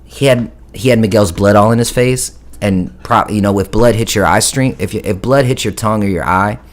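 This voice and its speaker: Low-voiced man telling a rough story. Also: a little fast. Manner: profane, rambling, corrects himself often. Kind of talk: casual storytelling.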